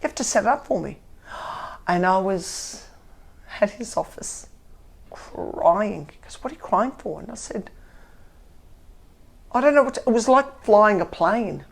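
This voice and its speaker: Gravelly-voiced woman in her fifties. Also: medium pitch, a little slow, pauses often. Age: 50s. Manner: animated, acts out quotes. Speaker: DJ telling her story. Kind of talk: candid storytelling.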